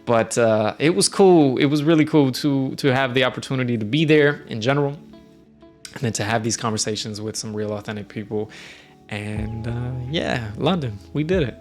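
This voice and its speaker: A man's voice: mid-range voice, normal speed, soft background music. A man from the United States chatting casually, telling travel stories in a friendly, rambling way with plenty of fillers. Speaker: streamer host. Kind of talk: casual storytelling. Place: indoors, lives in Norway.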